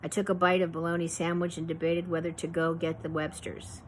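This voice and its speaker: A woman with a lowish voice reads her memoir aloud at a measured, reflective pace. A faint hiss of noise sits under the voice throughout. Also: flat delivery, rough recording. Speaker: author reading her memoir. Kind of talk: memoir reading.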